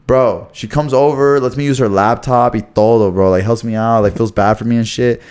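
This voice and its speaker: A young man from Houston, co-hosting a podcast and telling a long story in slangy, animated casual talk, saying "bro" again and again. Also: medium pitch, a little fast, smooth. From Houston, Texas. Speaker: podcast co-host.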